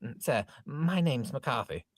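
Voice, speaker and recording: Casting: a man as a polite young suitor, formal and measured, slightly husky. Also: medium pitch, expressive, no room sound, clean studio sound. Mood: courteous.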